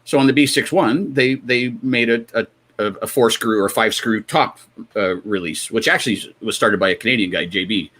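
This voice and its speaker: A man co-hosting a casual hobby podcast, quick to tease and filling his talk with "uh" and "like". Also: lowish voice, fairly bright tone. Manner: fast, teasing banter with many fillers. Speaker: podcast co-host. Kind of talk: casual chat.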